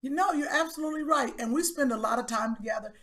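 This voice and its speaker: A woman co-hosting a podcast in casual, teasing chat, with a relaxed lilt. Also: high voice, quick pace. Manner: teasing, chatty. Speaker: podcast co-host.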